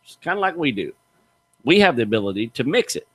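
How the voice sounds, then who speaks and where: A middle-aged man with a husky, medium-pitched voice talks quickly. He's a radio show host and gator hunter, telling stories in casual radio chat as an animated storyteller, folksy and emphatic.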